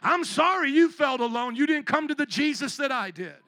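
High, bright-voiced preacher man. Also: expressive, fairly quick, no room sound. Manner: preachy, mocking, swings to shouted emphasis. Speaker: pastor. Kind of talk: sermon.

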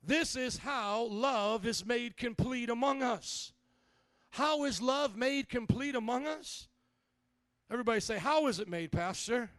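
A man preaching a lively, sassy sermon as pastor, calling out to the congregation. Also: very high voice, a little slow, dry recording, studio quality.

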